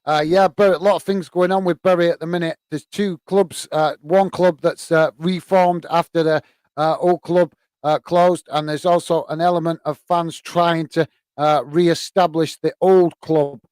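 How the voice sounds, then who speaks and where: Describing the football and talking with viewers on a live UK watch-along, the host speaks at a moderate pace in a steady, smooth, darkish voice that sits on the high side. He hesitates often with fillers, and the audio has no echo.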